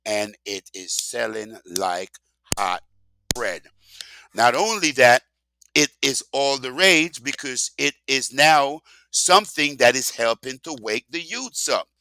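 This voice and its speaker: A man's voice: on the high side, bright, forceful tone, no room sound. An older man ranting sarcastically in a casual monologue, emphatic and rambling, full of rhetorical questions. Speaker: vlogger.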